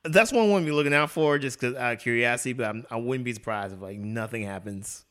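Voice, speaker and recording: Bright-voiced man in easygoing chat. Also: mid-range voice, fast. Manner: laid-back, filler-heavy. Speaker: podcast co-host. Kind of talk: casual chat.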